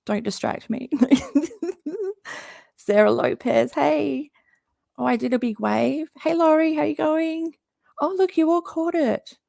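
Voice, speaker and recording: A woman who is losing her voice hosts a casual livestream from her home, where rain falls on a tin roof, chatting, greeting viewers and laughing often. Her voice is high and a little mellow with vocal fry, recorded at studio quality with no room sound.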